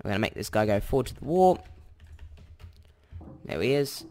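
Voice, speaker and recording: Young Australian male tutor, animated pitch, chatty, self-correcting, casual screen-recording delivery. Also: normal speed, a little hiss or hum. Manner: chatty and self-correcting, thinks aloud while typing. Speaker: tutorial host.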